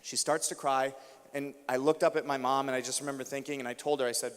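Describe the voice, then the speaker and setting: A man's voice: medium pitch, fairly even intonation, fast, clear, resonant tone. A young adult American man giving a motivational keynote to teachers, telling a personal story and building emotion with repeated refrains. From United States. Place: large school auditorium. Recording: long hall reverb.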